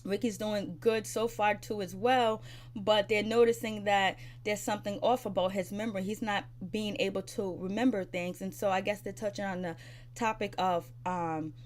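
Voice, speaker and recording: A woman casually retelling a TV episode, chatty and loose, with many fillers and quick quoted lines from the characters. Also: medium pitch, fairly even intonation, a little hiss or hum. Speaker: TV episode reviewer.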